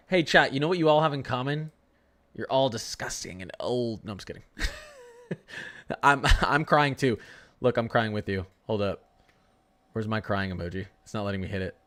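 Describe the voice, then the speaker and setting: A man's voice: fairly low pitch, lively intonation, moderate pace, long pauses, a bit bright. Young man, livestream weather host, casual, teasing, joking with chat. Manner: joking, talks to chat, frequent laughs. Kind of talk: casual live-stream chat.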